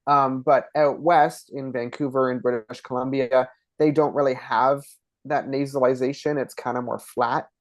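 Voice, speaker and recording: A man's voice: mid-range voice, steady tone, normal speed, no room sound. A man from Ontario with an Eastern Canadian accent, chatting as a podcast guest and acting out word pronunciations as he explains them. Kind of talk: casual interview conversation.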